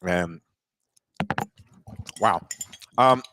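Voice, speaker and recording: A man co-hosting a talk show, chatting casually in a relaxed way with fillers. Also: lowish voice, extremely slow, noisy background. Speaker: show co-host. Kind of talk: casual chat.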